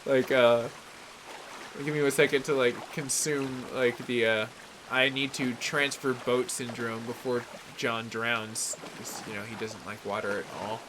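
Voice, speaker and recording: He has a mid-range voice with little pitch movement, keeping a measured pace while noise sits in the background. A gaming livestreamer from the San Francisco Bay Area, he rambles through relaxed live game commentary and greets people in chat by name.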